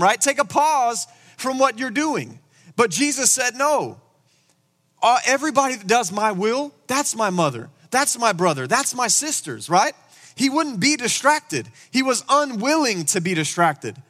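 A man preaching a sermon in a church, animated and full of rhetorical questions. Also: extremely high pitch, unhurried. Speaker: pastor. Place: church sanctuary. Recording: long hall reverb.

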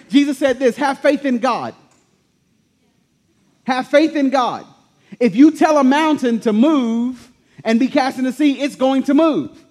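A man preaching a sermon to a congregation, telling the story animatedly and repeating key words with slow emphasis. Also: very high-pitched, darkish tone. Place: church in front of a congregation.

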